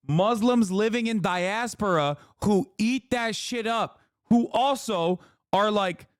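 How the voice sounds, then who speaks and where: A male streamer rants with mounting heat, swearing through nearly every sentence. His voice sits fairly high for a man. The mic is close and dry, with no room sound. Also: clean tone, dry recording. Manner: profane, heated, ranting. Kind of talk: casual reaction rant.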